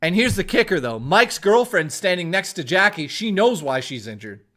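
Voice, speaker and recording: A man's voice: sits high, very animated, moderate pace, bright, forceful tone. A young man on a live stream telling a crude, rambling personal story full of filler words, and breaking off to thank viewers. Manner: stops mid-story to thank viewers for memberships.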